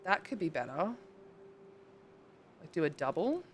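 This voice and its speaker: A woman's voice: sits low, big pitch swings, unhurried, a little hiss or hum. Chatty young woman streaming a game. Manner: chatty, thinks aloud, swears casually, bursts into squeals. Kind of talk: casual live-stream chat while playing.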